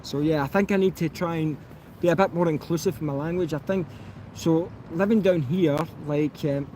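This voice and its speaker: A man from Scotland with a softened Scottish accent, chatting casually on a live stream and answering viewers, rambling with lots of fillers and restarts. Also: a little high, moderate pace, a little hiss or hum. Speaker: YouTube auditor answering live chat.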